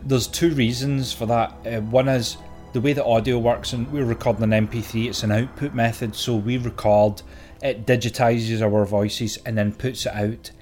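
A man co-hosting a podcast, teasing in a dry, deadpan way. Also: mid-range voice, normal speed, faint music behind. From Scotland. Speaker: podcast co-host. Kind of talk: casual chat.

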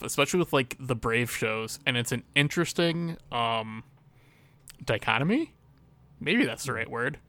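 A man co-hosting a podcast, recapping the plot casually with frequent pauses and ums. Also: mid-range voice, a bit bright. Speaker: podcast co-host. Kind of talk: casual chat.

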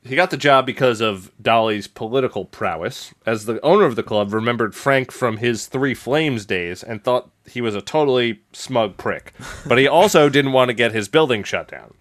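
A man's voice: medium pitch, normal speed, fairly bright tone. A man casually telling a story on a comedy podcast, crude and loose, laughing as he goes.

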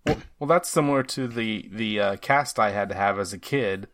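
A man guesting on a podcast who tells a story haltingly, repeating his words. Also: on the low side, a bit bright, dry recording, studio quality. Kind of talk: casual chat.

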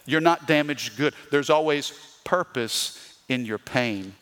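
A male pastor preaching a sermon, swinging between loud emphatic bursts and slow hushed lines and calling the congregation for amens. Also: medium pitch. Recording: long reverb of a large hall.

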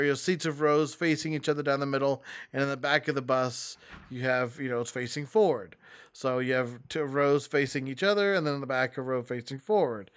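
A man's voice: medium pitch, a bit bright, clean tone. A young adult man answering personal questions in a casual, rambling way, often restarting sentences and laughing as he talks. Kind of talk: casual storytelling.

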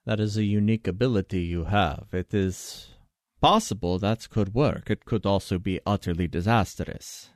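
A man voicing a formal, measured male expert on the Fae in a tabletop game, speaking with deliberate phrasing. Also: fairly low pitch, dry recording, clean studio sound, lightly acted. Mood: grave.

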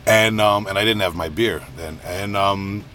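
A middle-aged man with a deep, booming voice, telling a rambling, self-deprecating story in a casual podcast monologue. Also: a little slow, sharp tone, slight background noise. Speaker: podcast host.

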